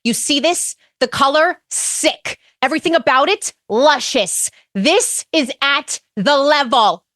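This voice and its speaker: Over-the-top lipstick reviewer, played by a woman, high and breathless, on a dry mic. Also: slow, a bit bright, no echo. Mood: gushing.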